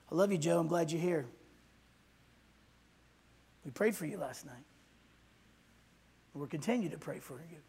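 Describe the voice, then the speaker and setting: A man's voice: a little high, moderate pace, gravelly, long pauses, darkish tone, breathy edge. A man preaching a sermon as pastor, emphatic and calling for responses from the congregation.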